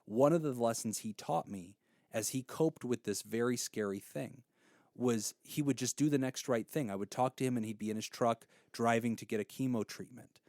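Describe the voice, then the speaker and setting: A man's voice: mid-range voice, a little mellow. A man in his thirties speaks earnestly on a podcast, his voice sitting in the middle of the male range. The sound is dry and close, with no room echo, and he talks with heartfelt sincerity. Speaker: podcast host giving advice. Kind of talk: casual advice podcast.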